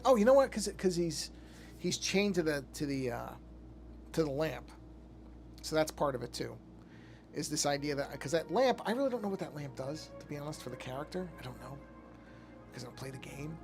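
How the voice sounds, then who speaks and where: A middle-aged man chatting casually on a live art stream as he paints, thinking aloud with many restarts and yawning now and then. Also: a little high. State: yawning often. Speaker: artist streaming his work.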